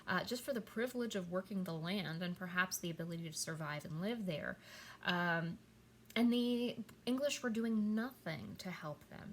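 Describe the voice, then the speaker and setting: A woman's voice: on the low side, a bit bright, a little hiss or hum. A woman teacher talking her students through a recorded lesson, with many "um"s and "okay?" check-ins. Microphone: computer mic at a keyboard.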